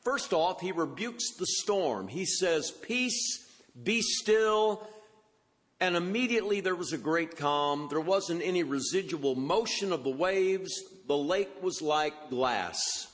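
A man's voice: on the high side, animated, unhurried, few pauses. Man preaching a sermon in a reverberant hall. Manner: expository, quotes scripture with rising emphasis.

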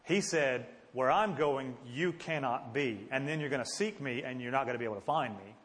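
A man's voice: medium pitch, moderate pace, a bit bright. Man teaching Bible class in echoing hall. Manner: conversational, asks the class questions.

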